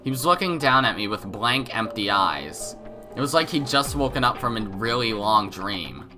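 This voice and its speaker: A man's voice: lowish voice, animated, normal speed, over music. A man with a cold, hosting a let's play, reading game narration aloud with casual joking asides. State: has a cold.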